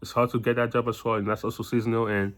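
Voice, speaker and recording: A young man talking straight to his audience in a loose, rambling vlog. He rattles along at a quick clip, circling back with restarts and filler words. His voice sits at an ordinary middle pitch. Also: little pitch movement, a bit bright. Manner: rambling, many restarts and "you know" fillers. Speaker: vlogger. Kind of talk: casual personal storytelling to camera.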